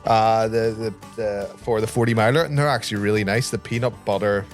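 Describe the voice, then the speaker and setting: A brisk man from Ireland with a Northern Irish accent and a lowish, fairly even voice co-hosts a podcast, with faint music in the background. He's a chatty storyteller in casual conversation, laughs a lot, and says "wee."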